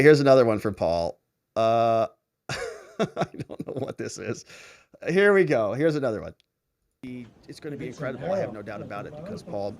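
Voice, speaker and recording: A man hosts a casual livestream, reading viewer comments aloud and laughing often. His voice sits a little high and moves with very lively swings in pitch. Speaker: show host reading live chat.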